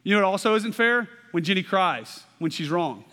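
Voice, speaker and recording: A man's voice: sits high, sing-song, normal speed, noisy background. A man in his thirties preaching a sermon in a conversational way, often checking in with "okay?" and repeating words as he restarts. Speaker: pastor. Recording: long hall reverb.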